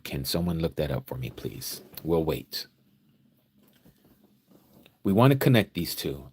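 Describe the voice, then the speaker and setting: A man leading a scripture study sermon, reading slowly and deliberately, then turning emotional and climbing loud and high as he preaches. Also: slightly rough. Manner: emotional, preacherly, rises in pitch and volume when exhorting; slow deliberate reading with pauses.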